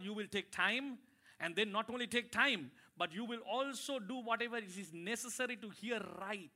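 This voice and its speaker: Man, pastor, sermon in church, high pitch, animated call-and-response. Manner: animated preaching with rising emphasis and audience call-and-response.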